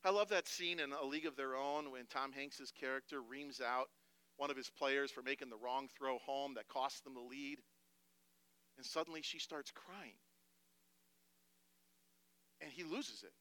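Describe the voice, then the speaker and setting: A man, a pastor, preaching a sermon emphatically, moving between hushed passages and loud declarations. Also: medium pitch, a little slow, long pauses, clear, resonant tone, dry recording.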